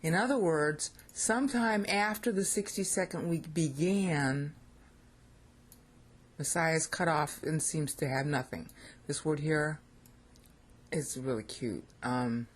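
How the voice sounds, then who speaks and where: American bible teacher, raspy voice, casual lecture, thinks out loud as they go. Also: medium pitch, slow pace, long pauses. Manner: thinking aloud, frequent "okay?" check-ins with listeners. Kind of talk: informal lecture on scripture.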